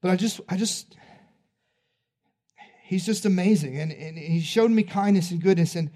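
Zacchaeus, a preacher doing him stammering and sheepish. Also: male voice, high voice, normal speed, warm tone, lightly acted. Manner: stammering, hesitant. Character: Zacchaeus, a sheepish short tax collector.

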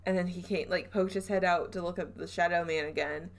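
Woman podcast host, lower-pitched, chatty storyteller who laughs and trails off a lot. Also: steady tone, brisk, gravelly. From Southern US. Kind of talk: casual storytelling chat.

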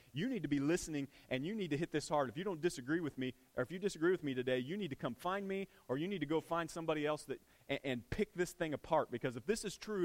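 A man preaching a sermon in a church, earnest and conversational. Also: fairly high pitch. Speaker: pastor.

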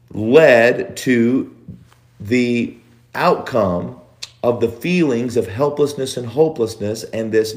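Male preacher, very slow and emphatic, stacks repeated phrases, middle voice. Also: mid-range voice, a little mellow. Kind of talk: sermon.

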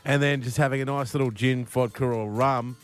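A man's voice: mid-range voice, steady tone, a little fast, faint music behind. A man co-hosting a radio show in casual banter, teasing and laughing often, on a studio microphone. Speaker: radio co-host.

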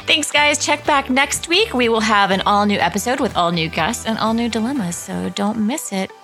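A woman's voice: a little high, expressive, moderate pace, sharp tone, soft background music. A woman co-hosting a casual advice podcast, chatty and giggly, talking over a remote call. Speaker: podcast co-host.

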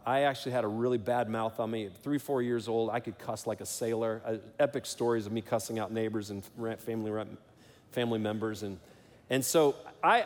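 A man's voice: mid-range voice, a little mellow, big-room sound. A middle-aged man preaching a sermon as pastor, telling a personal story earnestly and building to emphatic calls to action.

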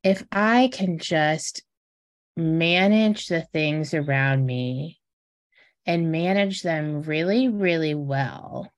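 A woman in her forties talks to her listeners as a podcast host, with a low voice. She takes her time, circling back and restarting phrases as she shares personal reflections in an earnest, conversational way. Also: expressive, slow pace. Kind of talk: reflective casual podcast monologue.

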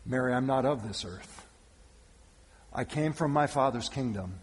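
A man preaching and voicing Jesus as a calm man who speaks with quiet authority, low, gentle and solemn. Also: husky. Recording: long church reverb.

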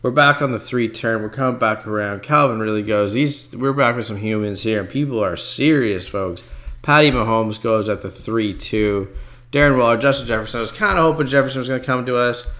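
A man giving casual, excitable commentary on his own fantasy football draft, talking to his viewers as folks and swearing when picks go against him. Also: mid-range voice, brisk.

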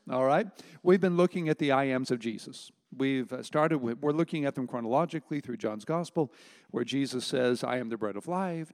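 A middle-aged man preaching a sermon as pastor, talking in a conversational way with emphatic pauses. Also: a little high, vocal fry, darkish tone. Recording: long hall reverb.

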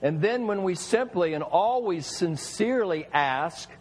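High, husky-voiced man preaching. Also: expressive, measured pace, low-quality recording. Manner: emphatic, rhetorical questions to the listeners. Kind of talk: sermon.

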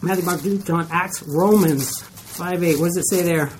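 A woman teaching a Bible study class to a group, animated and acting out skeptical listeners' reactions. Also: fairly low pitch, normal speed, a little hiss or hum. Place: room with a group.

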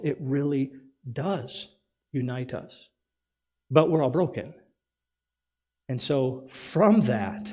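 A man's voice: mid-range voice, dark tone, muffled recording. A man preaching a sermon as pastor, earnest and building to emphatic repetition.

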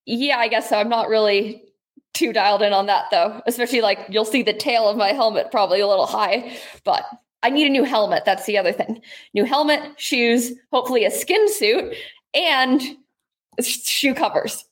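A woman's voice: on the high side, moderate pace. A young adult woman, a guest athlete, giving modest, hesitant answers in a casual interview.

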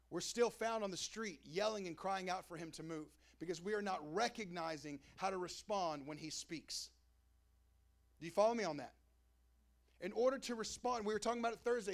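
A young man delivers a sermon as pastor in a loose, conversational style. His voice sits high for a man and carries a gravelly, creaky texture. He talks to the congregation like friends. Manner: casual preaching, acts out crowd and Jesus in quoted voices.

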